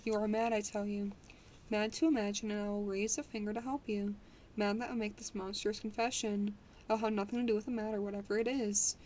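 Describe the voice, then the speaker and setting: A woman's voice: medium pitch, flat delivery, a little fast, darkish tone, a little hiss or hum, natural voice. A woman reading the lines of a stern, pale man aloud from a novel, hard and contemptuous in his refusal.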